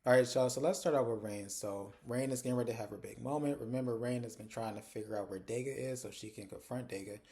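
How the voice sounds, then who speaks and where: A man's voice: medium pitch, fast talker, few pauses, warm tone. A man hosting a casual recap of TV episodes, chatty and conversational, retelling scenes with lots of "like". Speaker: TV recap host.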